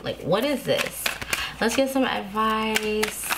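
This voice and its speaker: Gravelly-voiced woman giving a chatty tarot reading. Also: medium pitch, slow pace, very noisy. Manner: chatty, reassuring, laughs to herself. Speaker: tarot card reader. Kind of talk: casual tarot reading to camera.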